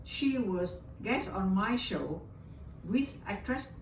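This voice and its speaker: With a mid-range, expressive voice and a slow pace, an older Vietnamese woman tells a personal story with feeling during an interview, frequently repeating her words. She speaks English as a second language with a Vietnamese accent. The recording is roomy and distant, with faint background hiss.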